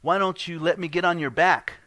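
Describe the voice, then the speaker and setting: Sly fable scorpion, high and coaxing, put on by a preacher, dry close sound. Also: male voice, a little fast, bright, forceful tone, no room sound. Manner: wheedling, insistent.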